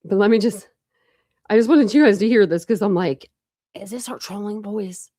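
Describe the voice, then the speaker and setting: A woman's voice: medium pitch, moderate pace, mellow, no room sound, clean studio sound. A woman hosting a true crime livestream, chatting casually with viewers and thinking aloud with many restarts. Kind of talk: casual chat with live viewers.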